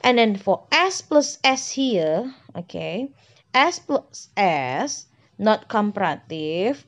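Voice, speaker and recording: A woman with an Indonesian accent teaching a grammar lesson, explaining patiently and repeating herself, often checking with "okay" and "yeah". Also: medium pitch. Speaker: English teacher. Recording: dull lo-fi recording.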